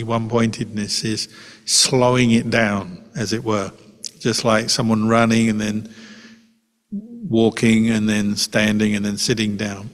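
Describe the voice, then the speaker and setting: A male Buddhist monk answering a meditation question in a calm, unhurried, reassuring way, with pauses. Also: medium pitch. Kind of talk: answering questions in a dharma talk. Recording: long reverb, hall.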